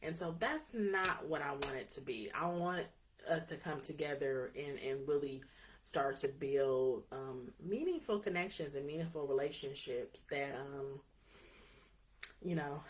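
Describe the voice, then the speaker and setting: A woman with a low voice speaks in a relaxed, chatty way straight to her viewers. She talks earnestly with plenty of ums and keeps checking in with her audience. She comes across as a small-business owner sharing her own experience. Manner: chatty, earnest, frequent ums, addresses viewers as you guys. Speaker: signing service owner and notary. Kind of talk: casual live talk to an audience.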